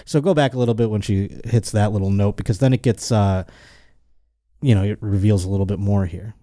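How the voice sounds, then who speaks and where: Male comedy podcast host, mellow tone, dry close mic, rambling and crude. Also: fairly low pitch, a little fast, no echo. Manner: crude, rambling, mocking put-on quotes. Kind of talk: casual comedic podcast banter.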